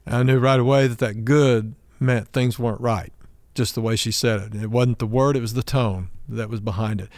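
A man's voice: mid-range voice, fairly even intonation, moderate pace, darkish tone, dry recording. A middle-aged man from Oklahoma preaching a sermon, telling a personal story and acting out the dialogue with a lifted voice for the quoted lines. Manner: acts out dialogue in his stories, raising his voice for the quoted lines. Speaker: pastor.

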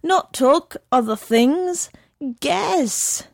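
A woman voicing an excitable, drunken male horse who speaks in broken English. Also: high voice, very slow, vocal fry, dry recording, studio quality, voice pushed up, heavily acted. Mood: playful.

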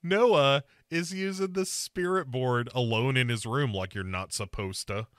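A man's voice: mid-range voice, a little slow, a bit bright, no room sound, studio quality. A man hosting a podcast, casually recapping a movie with wry mock quotes. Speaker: podcast host. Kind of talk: casual movie review chat.

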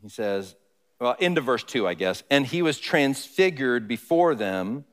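Guy preaching, kinda high voice, chatty, asks the crowd stuff, long church reverb. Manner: conversational, asks the congregation questions. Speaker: pastor. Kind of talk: sermon. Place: church sanctuary.

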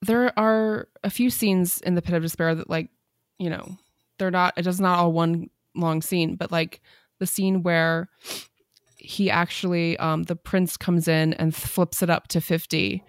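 A woman's voice: fairly low pitch, fairly even intonation, measured pace, no echo, clean studio sound. A woman co-hosting a casual film podcast, talking hesitantly with many fillers. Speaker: podcast co-host.

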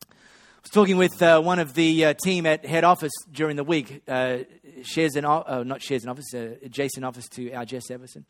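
A man preaching a sermon, swinging between loud excitement and hushed storytelling. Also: on the high side, brisk. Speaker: pastor.

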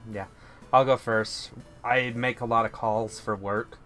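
Guy on a game podcast, dry jokey delivery, average pitch. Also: fairly even intonation, a little slow, fairly bright tone, faint music behind. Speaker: podcast co-host. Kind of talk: casual gaming podcast chat.

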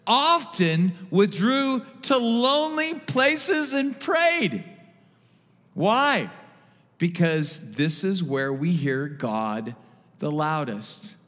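A man preaching a sermon as pastor, animated, dropping to a hush and then rising loud. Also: high-pitched, in a large hall. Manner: animated, swings from hushed to loud. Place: church sanctuary.

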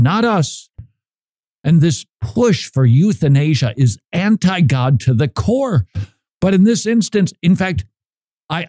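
Casting: male radio host, dark mellow voice, dry close studio sound, emphatic and repetitive. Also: on the high side, no echo. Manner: emphatic, repeats phrases, restarts mid-sentence. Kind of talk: talk radio monologue.

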